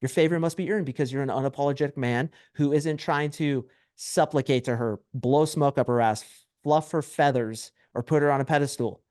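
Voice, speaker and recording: A brash man talks as a podcast guest, coaching men on dating. He is animated and acts out short exchanges to make his points. His voice is mid-pitched, and the sound is dry and close. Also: a little fast, few pauses, no room sound. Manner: brash, animated storytelling with acted quotes. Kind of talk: podcast interview.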